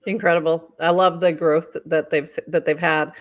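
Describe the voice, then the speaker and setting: Speaking at a moderate pace with a low pitch and flat delivery, a woman co-hosts a casual podcast news roundup. She's upbeat, reads posts out loud, and laughs a lot.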